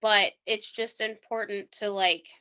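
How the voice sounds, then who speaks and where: This true-crime podcast co-host has a mid-range voice that stays steady and measured, with a pushed, bright quality on a lo-fi recording. Her banter is loose and casual, full of "like," and she reads quotes out loud.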